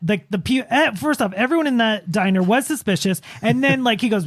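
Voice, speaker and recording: A woman's voice: on the high side, brisk, few pauses, no echo, clean studio sound. A woman co-hosting a podcast, chatting casually and somewhat hesitantly. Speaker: podcast co-host. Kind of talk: casual chat.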